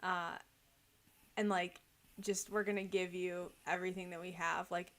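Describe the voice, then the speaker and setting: A woman's voice: fairly low pitch, normal speed. A young woman co-hosting a podcast, chatting casually and telling stories with lots of "like" fillers. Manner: chatty, many "like" fillers, lively storytelling. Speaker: podcast co-host. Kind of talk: casual chat.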